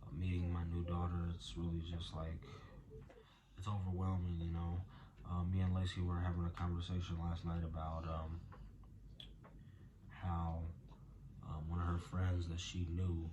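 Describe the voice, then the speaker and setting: Exhausted young dad, low voice. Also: male voice, monotone, moderate pace, pauses often. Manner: rambling, soft-spoken, talks to his toddler in between. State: exhausted, tired. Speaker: video diary host. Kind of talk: casual video diary. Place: home at night. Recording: noisy home recording.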